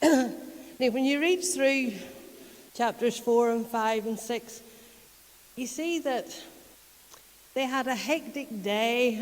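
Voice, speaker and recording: A woman's voice: fairly high pitch, in a large hall, poor audio. A woman with a Northern Irish accent preaching a conversational sermon, retelling a story in a chatty way and often laughing. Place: church.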